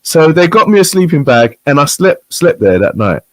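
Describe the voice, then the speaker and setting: A man's voice: fairly high pitch, sing-song, moderate pace, dry recording. A man, a guest on a chat show, telling a story animatedly and acting out the voices of the people in it. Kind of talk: casual chat.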